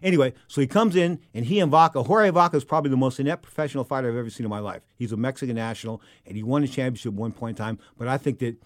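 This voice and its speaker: A middle-aged man telling a long anecdote about his time as a boxing announcer, acting out each quote and turning loud and high when he gets worked up. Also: racing, few pauses, no room sound, studio quality. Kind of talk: animated storytelling.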